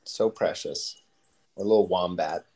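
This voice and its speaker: A man's voice: sits low, dark tone. A man co-hosting a podcast, bantering casually and tossing out silly jokes and asides. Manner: jokey, quick with silly asides. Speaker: podcast co-host.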